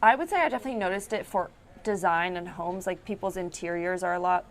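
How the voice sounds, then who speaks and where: A woman's voice: lowish voice, quick pace. A woman TV news reporter with a New York accent, chatting casually on air and laughing as she tells stories.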